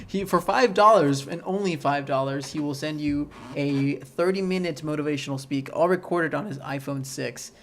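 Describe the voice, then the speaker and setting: A man's voice: on the high side, normal speed, few pauses, a bit bright, a little hiss or hum. A young man hosting a podcast in casual chat, rambling with many fillers and frequent laughs. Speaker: podcast host.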